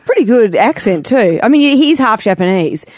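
A woman's voice: fairly high pitch, big pitch swings, normal speed, darkish tone, no echo, clean studio sound. A woman hosting a radio show, chatty and upbeat, a little self-deprecating. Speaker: radio host.

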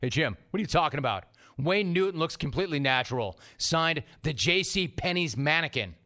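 A man's voice: on the high side, animated, brisk, sharp tone. A man in his forties hosting a sports talk show, telling stories brashly and acting out his friends' voices. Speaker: radio sports talk host. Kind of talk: animated sports talk monologue.

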